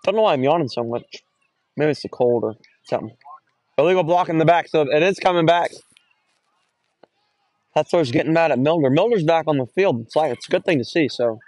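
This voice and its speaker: A young man doing casual, rambling play-by-play of a high school football game outdoors, recorded on a phone, often correcting himself and getting excited on big runs. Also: brisk, long pauses, dry recording. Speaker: play-by-play announcer.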